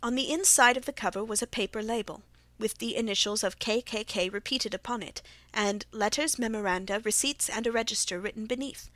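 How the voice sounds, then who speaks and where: A woman reads a classic story aloud as an audiobook, keeping a steady, measured first-person telling. Her voice sits fairly high. The recording is dry and close, with no room sound. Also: dry recording. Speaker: audiobook narrator.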